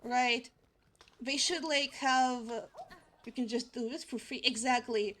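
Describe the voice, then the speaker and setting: A woman's voice: a little high, fairly even intonation, slow, fairly bright tone, a little hiss or hum. A woman streaming a video game, chatting casually with lots of giggles and exclamations. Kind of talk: casual live-stream commentary.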